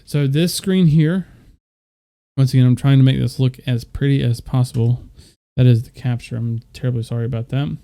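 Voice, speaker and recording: A man's voice: medium pitch, level tone, fast, vocal fry, hardly any pauses, mellow. A young man casually walking viewers through his microphone settings, loose and rambling with fillers. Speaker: streamer explaining audio setup. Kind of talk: casual screen-share tutorial.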